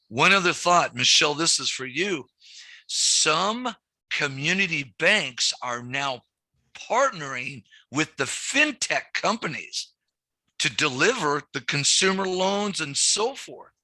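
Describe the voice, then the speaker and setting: A man's voice: on the high side, no echo. A middle-aged man teaching a banking class, telling stories and acting out what people said. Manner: animated storyteller, acts out quotes. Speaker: banking trainer. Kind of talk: live training session.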